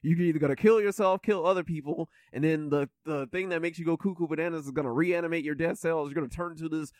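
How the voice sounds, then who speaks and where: A man's voice: fairly high pitch, fairly even intonation, quick pace, darkish tone, no room sound, clean studio sound. Giggly rambling guy on a podcast. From British. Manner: rambling, laughs often, filler-heavy. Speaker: podcast co-host. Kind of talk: casual comedic chat.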